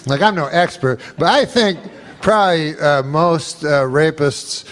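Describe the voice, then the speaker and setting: A male comedian telling a rambling, profane story in a deadpan way, with many fillers. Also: a little high, a little slow. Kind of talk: stand-up style storytelling.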